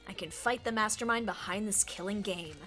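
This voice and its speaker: A woman's voice: mid-range voice, brisk, a bit bright. Lady streamer reading out game dialogue all dramatic, laughs a lot, average voice, bit of music behind. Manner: playful, laughs often, reads lines dramatically.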